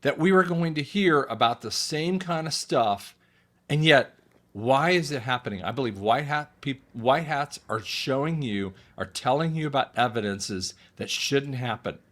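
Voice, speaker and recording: A man in the middle pitch range talks straight to his audience in a loose, rambling monologue. He doubles up words, breaks off sentences and restarts them. Every so often he stops to clear his throat. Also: expressive, moderate pace, fairly bright tone. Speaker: audiologist and online commentator. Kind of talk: casual monologue commentary.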